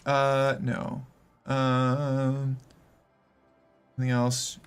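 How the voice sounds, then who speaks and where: A man's voice: mid-range voice, moderate pace, sharp tone. A man chatting casually on a live stream, loose and joking, swearing and laughing as he plays.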